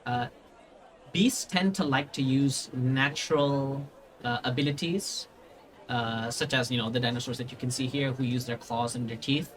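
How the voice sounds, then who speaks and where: A man runs a tabletop game at a middle pitch, rambling through his scene with loose fillers and restarts. A faint noise sits behind his voice. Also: normal speed. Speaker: game master.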